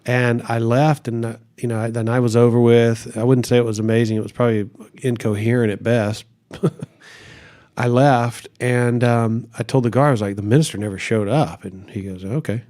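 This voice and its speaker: A man's voice: medium pitch, steady tone, moderate pace, a little mellow. A middle-aged man and pastor telling a story in a casual interview, acting out quotes and laughing often.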